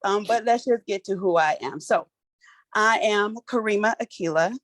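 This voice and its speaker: A middle-aged woman, hosting an online workshop in a playful, animated, colloquial way, talking into her phone on a video call. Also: mid-range voice, normal speed, no echo. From Philadelphia, USA. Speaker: workshop host. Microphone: phone for audio on a video call.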